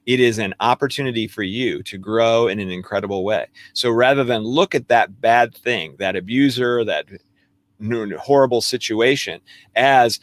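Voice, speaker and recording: A man's voice: medium pitch, normal speed, no room sound. A man co-hosting a spiritual self-help conversation, earnestly explaining ideas and acting out inner dialogue. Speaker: co-host.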